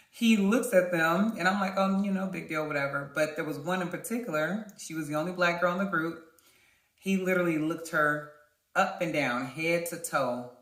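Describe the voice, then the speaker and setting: A woman vlogger telling a dating story in an animated way, talking straight to her viewers. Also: low-pitched. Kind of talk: storytime vlog. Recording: roomy echo.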